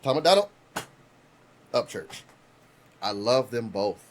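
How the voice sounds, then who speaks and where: Slow and sing-song at a medium pitch, this thirties-aged man co-hosts a podcast. His stories ramble, he keeps starting over, and casual swearing runs throughout.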